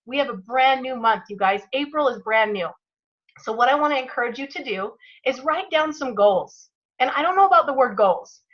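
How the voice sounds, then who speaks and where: A woman's voice: sits high, a bit bright, muffled recording. A woman leading a motivational team call, encouraging and emphatic, guiding listeners through breathing. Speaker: team leader hosting a call.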